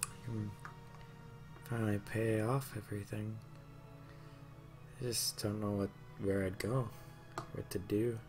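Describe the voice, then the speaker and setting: A man voicing a soft-spoken grieving woman who talks quietly and hesitantly. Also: on the low side, little pitch movement, a little slow, long pauses, over music, lightly acted. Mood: subdued.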